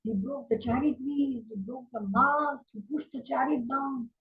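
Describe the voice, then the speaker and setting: A woman storyteller narrating an epic tale for children, with a fairly high voice. She hesitates often with fillers. The sound is thin and phone-like, with the mids squeezed and the lows gone. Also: moderate pace.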